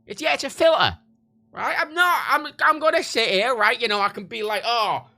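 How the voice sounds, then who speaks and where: A British man livestreaming in loose, crude chat that keeps doubling back on itself. His voice swings widely in pitch, and his tone is bright and forceful. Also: animated, a little fast, vocal fry. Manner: rambling, crude, self-interrupting.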